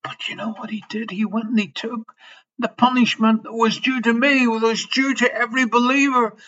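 A man preaching a sermon with passion. He swings between loud emphasis and soft near-whispers and repeats key phrases. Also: very high-pitched, fairly even intonation, normal speed. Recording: slightly dull lo-fi sermon recording.

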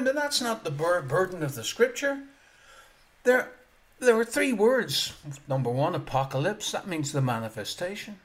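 Man preaching a sermon, kinda high voice, loud then hushed, repeats lines for punch. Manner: emphatic, repetitive, swings between loud proclamation and quiet asides.

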